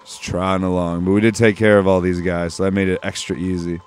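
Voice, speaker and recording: Low-voiced man with offhand game commentary. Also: flat delivery, fast talker, a little mellow, clean tone. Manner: offhand, swears freely; jokey, wry asides. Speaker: gameplay commentator. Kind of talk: casual let's-play commentary.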